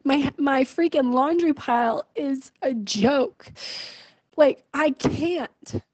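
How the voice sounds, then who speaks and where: A woman's voice: high-pitched, slow, darkish tone, dry recording, low-quality recording. A young woman venting her frustration in a personal video diary, emotional and full of fillers. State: pregnant. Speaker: vlogger.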